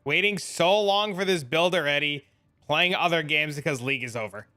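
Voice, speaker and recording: Bright, animated male game streamer. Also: on the high side, normal speed. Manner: animated storyteller, mimics chat in raised repeated voices. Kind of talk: casual game stream chat.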